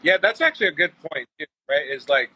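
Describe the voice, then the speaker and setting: A man's voice: fairly high pitch, big pitch swings, quick pace, sharp tone, breathy edge, rough recording. A man hosting a casual live-stream chat show, enthusiastic and rambling with lots of fillers. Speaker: show host.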